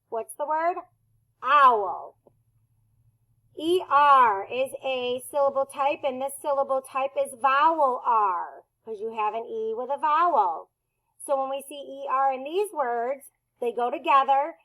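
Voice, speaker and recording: A woman teacher walks young children through a phonics lesson. She sounds out each letter slowly and deliberately, in a slightly high, unhurried voice. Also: a bit bright, rough recording.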